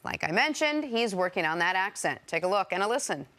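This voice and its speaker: Brisk woman sports show host. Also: mid-range voice, sing-song, a bit bright. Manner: brisk, segue-driven.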